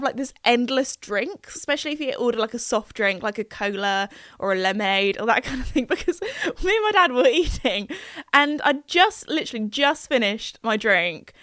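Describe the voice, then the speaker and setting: A young Englishwoman hosts a podcast in casual, giggly chat peppered with "like." Her voice sits high with a fairly bright tone, recorded dry at studio quality.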